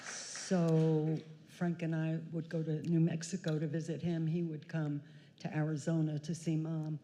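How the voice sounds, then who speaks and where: Chatty woman in her sixties, mellow voice. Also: sits low, measured pace, slight background noise. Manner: chatty, animated, laughing, acting out quotes. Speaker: daughter telling family story. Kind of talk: storytelling on church stage. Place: large church hall. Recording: church hall with long reverb.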